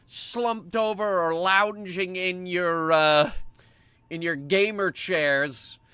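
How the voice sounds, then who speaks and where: A man's voice: high voice, slow, pushed and bright, clear, resonant tone, no room sound. A man hosting a comedic movie-riffing stream, joking and theatrical in a mock lecture.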